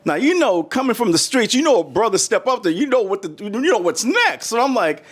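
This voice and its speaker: A middle-aged man from the United States tells stories in a casual interview, his voice lively and swinging up and down in pitch. His pitch sits a little high for a man. He acts out other people's voices and restarts his sentences often. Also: a little fast. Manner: animated, acts out quoted voices, many restarts. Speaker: interview guest.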